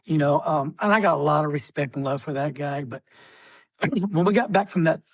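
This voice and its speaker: A man, a military veteran, telling stories as a podcast guest with many fillers, often clearing his throat. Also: fairly high pitch, fairly quick, no echo. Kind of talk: casual storytelling interview.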